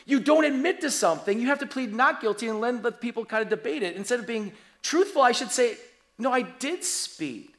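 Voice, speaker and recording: A man in his forties preaching a sermon, telling stories in an animated, humorous way. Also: very high-pitched, quick pace, few pauses. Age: 40s. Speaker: pastor.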